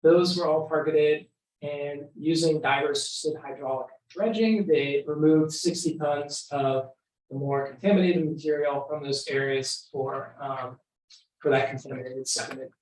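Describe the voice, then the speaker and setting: A man's voice: on the high side, fairly even intonation, a little slow, a little mellow. A man presenting the technical site background at a public meeting, summarizing cleanup work. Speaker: project presenter. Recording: roomy audio from a distance.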